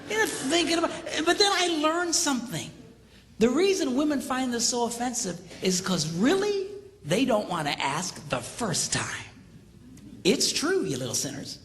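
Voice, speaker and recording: A man's voice: very high-pitched, normal speed, big-room sound, noisy background. A male pastor giving a humorous marriage talk, telling stories playfully and acting out the voices. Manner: storytelling, animated, playful, acts out voices. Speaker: pastor, marriage seminar speaker.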